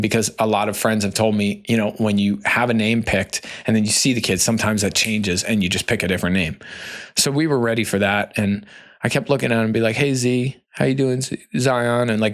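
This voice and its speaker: A man's voice: on the low side, fairly bright tone. An American man in his thirties, hosting a candid solo podcast in a loose, conversational way, with lots of "like" and "you know". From United States. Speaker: podcast host.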